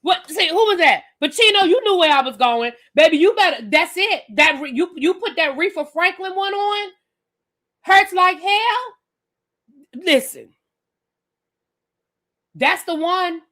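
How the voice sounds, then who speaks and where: On her live webcam stream, a woman reviewing reality TV addresses viewers head-on with blunt, sassy, animated rants. Her voice is very high-pitched, and she talks at a normal speed.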